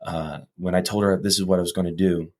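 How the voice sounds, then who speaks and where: A man's voice: low voice, fairly even intonation, quick pace, a little mellow. A man in his thirties, a gym owner chatting as a podcast guest, earnest and rambling, often repeating words. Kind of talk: casual interview chat.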